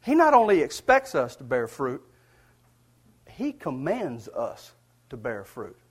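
A man's voice: mid-range voice, huge pitch swings, slow pace, husky. A man preaching, telling a personal story in a folksy, earnest way with chuckles. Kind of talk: storytelling sermon.

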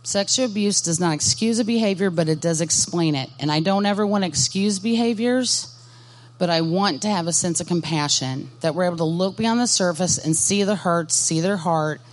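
Brief: woman, lowish voice, earnest and direct workshop speaker who questions the room. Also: moderate pace. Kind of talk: Christian ministry workshop talk. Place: conference workshop session.

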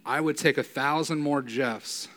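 A man preaching a sermon in a casual, conversational way, often asking "right?", and building to loud, emphatic peaks. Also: on the high side, unhurried.

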